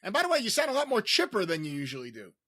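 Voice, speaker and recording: A man's voice: high-pitched, huge pitch swings, rapid-fire, pushed and bright, breathy edge, no room sound. A man hosting a comedy podcast, dry and teasing with his guest. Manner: dry, teasing, often laughing. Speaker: podcast host.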